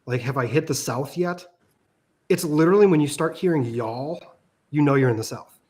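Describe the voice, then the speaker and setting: A man's voice: a little high, moderate pace, darkish tone. A man from Minnesota hosting a casual livestream, laid-back and loose with fillers. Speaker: livestream host.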